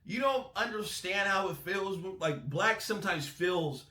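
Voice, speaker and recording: A man hosting a music breakdown channel, talking in a casual, excitable, profane way. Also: high voice, unhurried, reverberant. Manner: animated, excitable, swears freely. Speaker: music reaction host.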